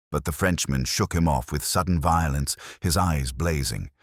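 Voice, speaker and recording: Deep deep male voice reading a mystery story, measured, varied tone, dry close sound. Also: no echo. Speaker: narrator. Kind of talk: scripted narration.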